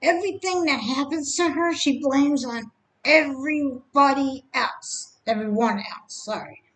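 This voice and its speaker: A woman giving opinionated reaction commentary, often halting and restarting, and stressing that her views are only her own. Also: high voice, a bit bright, low-quality recording.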